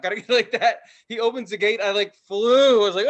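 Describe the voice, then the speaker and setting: A man in his thirties, hosting a casual podcast and telling a story with loud voices and plenty of swearing. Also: high-pitched, quick pace, hardly any pauses. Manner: animated, profane, does loud voices in his stories. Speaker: podcast host.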